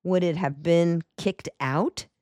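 Woman reading as a sardonic slow-drawling detective. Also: fairly low pitch, dark tone, dry recording, studio quality. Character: sardonic tall stooped male detective.

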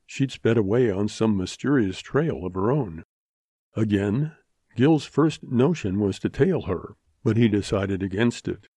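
Male audiobook narrator, low mellow voice, dry close recording, steady telling. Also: husky, no echo. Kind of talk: audiobook reading of a western.

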